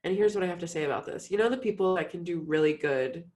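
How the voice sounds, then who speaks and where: A woman's voice: lowish voice, fast talker, darkish tone. A young woman co-hosting a podcast, telling rambling, self-deprecating stories in casual chat. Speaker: podcast co-host.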